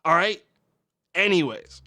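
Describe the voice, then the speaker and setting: A man's voice: high-pitched, animated, a little slow, bright, forceful tone. A man streaming live, ranting with exasperation and heavy swearing to his chat. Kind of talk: angry live-stream rant.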